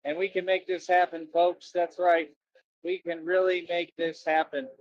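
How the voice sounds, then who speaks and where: A man's voice: high voice, flat delivery, normal speed, highs cut off. A man livestreaming outdoors near a road, rambling and repeating himself as he chats to viewers. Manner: rambling and repetitive, keeps saying "that's right". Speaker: livestreamer asking viewers for donations. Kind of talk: casual rambling livestream chat.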